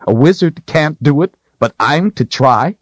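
A man's voice: fairly high pitch, lively intonation, unhurried, no echo, voice pushed up. A wary young storybook hero, bewildered and skeptical, pushing questions up at the ends , as a male narrator puts him on. The voice sits a little above the narrator's own, dry and close, on a slightly muffled recording.

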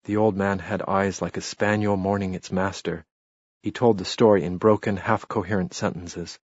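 A man narrating an audiobook in a calm, even storytelling manner. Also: low-pitched, moderate pace, husky, dry recording. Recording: dull, muffled recording.

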